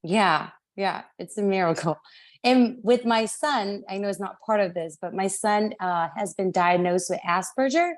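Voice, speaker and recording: A woman's voice: mid-range voice, moderate pace. A woman in her thirties sharing her family's story on a video call, often laughing and apologizing as she loses track of dates. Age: 30s. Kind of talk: casual video call testimonial.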